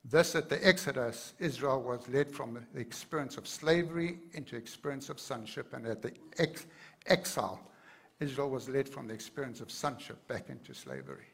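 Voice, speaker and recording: A man's voice: mid-range voice, animated, normal speed, vocal fry, breathy edge. A man preaching a sermon to his congregation, earnest and building to fervent emphasis. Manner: addresses the congregation directly. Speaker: pastor.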